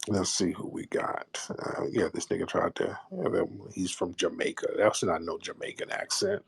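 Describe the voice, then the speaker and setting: A man with a low, gravelly voice hosts a live call-in room. His tone is husky and rough, and he trades crude, profane jokes with callers while mocking them. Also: normal speed. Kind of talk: casual crude banter with callers.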